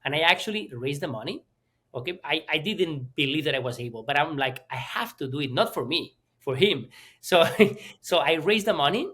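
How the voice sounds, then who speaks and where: A man from Spain, a guest telling his story in an interview with animated restarts and fillers. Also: on the high side, slightly rough. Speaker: entrepreneur guest.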